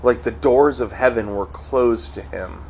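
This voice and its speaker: Slow-speaking male pastor preaching. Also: mid-range voice, gravelly, a little hiss or hum, low-quality recording. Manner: earnest preaching, cries out quoted pleas loudly. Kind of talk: sermon.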